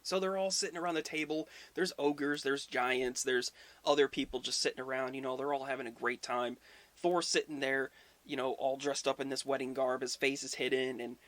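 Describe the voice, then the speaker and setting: A man's voice: mid-range voice, fairly even intonation, moderate pace, fairly bright tone. A man hosting a history video, retelling myths casually with irreverent, profane asides.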